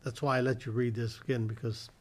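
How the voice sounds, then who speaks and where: A man hosts a community television show from a studio, reading fun facts off slides. His mid-range voice is flat and quick, and he occasionally stumbles over words and corrects himself.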